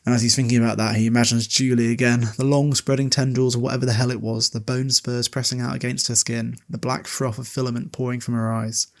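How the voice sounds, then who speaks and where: A man hosting a podcast, casually recapping a novel and reading passages aloud, with loose, laughing delivery and quick paraphrased quotes. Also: mid-range voice, flat delivery, gravelly. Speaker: podcast host.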